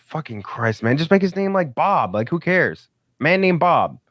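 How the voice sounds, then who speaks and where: A man's voice: on the high side, very animated, a little slow, a bit bright, no room sound, studio quality. Profane, rambling young man co-host. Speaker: podcast co-host. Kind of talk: casual chat.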